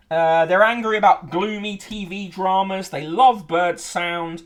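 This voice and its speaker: A man's voice: sits high, slow pace. A man hosting a podcast, reviewing newspapers casually with sardonic, sweary asides.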